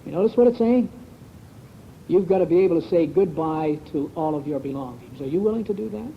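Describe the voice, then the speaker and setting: A man's voice: fairly high pitch, expressive, brisk. A man giving a conversational Bible talk at a congregation meeting, folksy, asking rhetorical questions and repeating "see?" and "sure". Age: 1970s recording. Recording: muffled old lo-fi tape with faint hiss.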